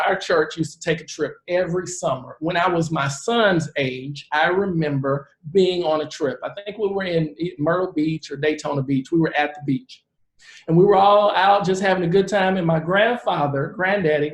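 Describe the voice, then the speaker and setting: A man in his forties, a real estate investor, giving a live presentation and telling stories in an earnest, animated way. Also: fairly high pitch. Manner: earnest, animated storyteller who acts out the people he quotes. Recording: roomy echo.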